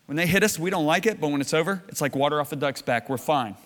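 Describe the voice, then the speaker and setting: A man's voice: a little high, fast. A middle-aged man preaching a sermon before a congregation, telling stories and acting out his own quoted words with laughs. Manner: storytelling, animated, with laughs and acted-out quotes. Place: church or conference hall. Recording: reverberant hall.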